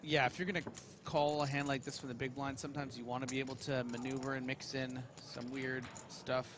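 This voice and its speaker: A mid-voiced man breaks down hands on a poker broadcast, working through the options analytically and leaning on many fillers. Clear background noise runs under his voice. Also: medium pitch, flat delivery, brisk. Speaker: poker strategy commentator.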